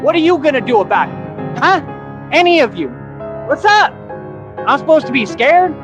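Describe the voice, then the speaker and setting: In a clip from his livestream, a man rants defiantly, swearing and taunting in a confrontational way. His voice is very high-pitched, very animated and fairly quick. The clip is muffled, with loud music playing.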